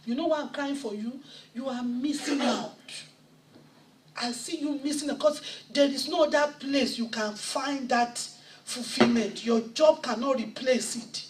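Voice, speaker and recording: A woman preacher delivering an impassioned sermon, quoting scripture and rising to shouts at times. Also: high voice, a little slow, slight background noise. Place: church sanctuary. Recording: echoey church sound from a distant mic.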